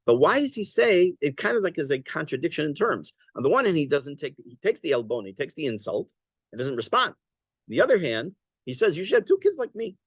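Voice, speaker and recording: A man's voice: a little high, sing-song, husky, dry recording. A man teaching a Torah class, translating Aramaic phrase by phrase and explaining it in a conversational way with small restarts. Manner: halting restarts and fillers while explaining.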